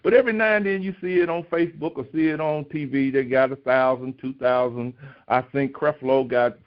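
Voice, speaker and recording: A man preaching a recorded devotional sermon, asking rhetorical questions and pushing his voice high when he acts out pleas. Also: steady tone, a little fast. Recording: dull lo-fi recording.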